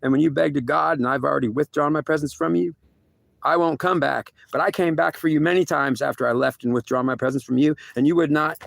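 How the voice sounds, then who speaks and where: A man's voice: a little high, gravelly, no room sound. A man voicing a stern male God who scolds a soldier at length, repeating himself and stumbling over restarts. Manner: repetitive, lecturing, stumbling restarts.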